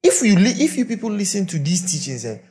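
A male pastor preaching to a church, telling stories with animated pidgin asides. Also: high-pitched, fast. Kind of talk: sermon. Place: church with live and online congregation.

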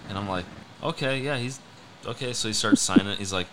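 A race boat driver telling stories in a casual chat, animated and full of fillers. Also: male voice, fairly low pitch, quick pace, a little hiss or hum. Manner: animated storyteller, many fillers. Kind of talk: casual storytelling.

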